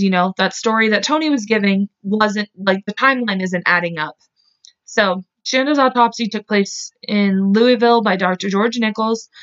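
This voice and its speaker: Female podcast host, casual true-crime storyteller, chatty and swears freely, mid-range voice, dull low-fidelity recording. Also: fairly bright tone. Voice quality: chatty, heavy on "like" fillers, swears when angry.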